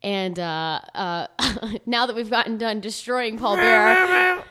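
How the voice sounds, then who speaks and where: A woman's voice: on the high side, expressive, slow pace, heavy background noise. A woman co-hosting a casual, joking chat, laughing often as she talks. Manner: giggly, playful, frequent laughter. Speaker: podcast co-host.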